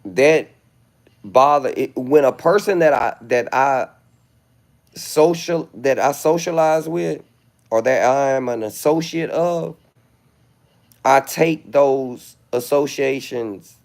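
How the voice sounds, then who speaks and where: A man's voice: mid-range voice, darkish tone. A middle-aged man, rambling self-assuredly in a casual livestream monologue, with flashes of indignation. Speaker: livestream host.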